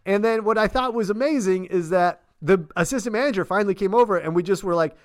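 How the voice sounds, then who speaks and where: An American man co-hosting a podcast, telling stories in a casual, laughing, animated way. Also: sits high, fast talker, few pauses. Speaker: podcast co-host. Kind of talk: casual chat, storytelling.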